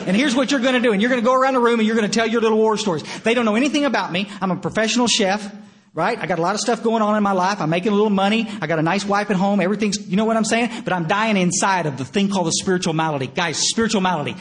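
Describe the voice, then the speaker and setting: A man's voice: high-pitched, a bit bright. An older man, possibly from Texas, giving a recovery meeting talk as a blunt, folksy storyteller who stammers through restarts and swears now and then. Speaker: recovery speaker.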